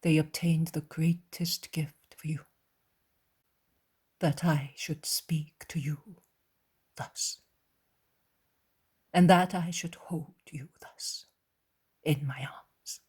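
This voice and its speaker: Jesus, soft and tender, slow and breathy, read by a woman. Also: low voice, steady tone, full character voice. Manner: soft, hushed, tender speech. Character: gentle, compassionate male Jesus, calm and loving.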